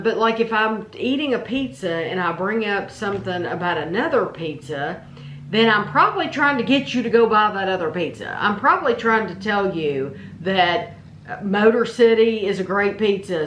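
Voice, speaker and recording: A middle-aged woman with a Kentucky accent talks in an easygoing, rambling way, restarting her sentences as she co-hosts a vlog. Her voice sits at a middle pitch and carries an echo from the room around her. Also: expressive, normal speed, a bit bright, slight background noise. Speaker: vlog co-host. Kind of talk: casual chat.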